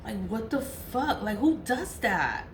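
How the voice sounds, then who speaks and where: A woman's voice: on the high side, very animated, slow, slight background noise. A woman vlogger venting in a profane, repetitive monologue to camera. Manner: venting, profane, repeats herself. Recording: echoey room with faint ambience.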